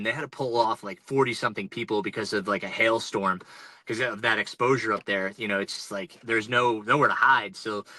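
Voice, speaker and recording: A man in his forties from North Carolina spins a race story with a strikingly bright, sharp-edged voice. He talks loosely, full of fillers and restarts. The sound is dry and close. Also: lowish voice, dry recording, rough recording. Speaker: ultrarunner guest. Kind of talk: casual storytelling on a podcast. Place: inside a truck. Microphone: remote call-in.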